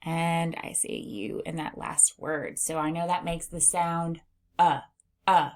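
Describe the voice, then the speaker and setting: A middle-aged woman teaching a phonics lesson to young readers. She sounds out sentences slowly, word by word, and hums while she scans the page for letters. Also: sits low, completely flat delivery. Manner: slow, exaggerated word-by-word reading aloud. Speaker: reading teacher.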